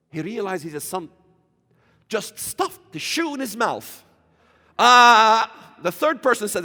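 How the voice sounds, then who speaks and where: A combative man preaching as a church guest, his voice bright and cutting as he pushes toward shouts. His pitch sits high and swings wildly from line to line. Long reverb from the church hall trails every word. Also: big pitch swings, slow. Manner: emphatic, combative, rising to shouts. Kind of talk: fiery preaching talk.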